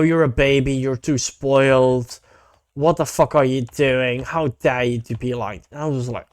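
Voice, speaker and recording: A man's voice: fairly high pitch, dry recording, clean studio sound. A man streaming, chatting casually and animatedly about online drama, swearing freely and saying "mate".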